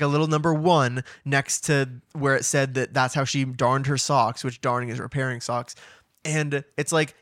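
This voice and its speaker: A man's voice: medium pitch, dry recording, clean studio sound. A man co-hosting a casual podcast, retelling a book with lots of laughter and acted-out quotes. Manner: animated, laughs often, acts out characters in quotes. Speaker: podcast co-host.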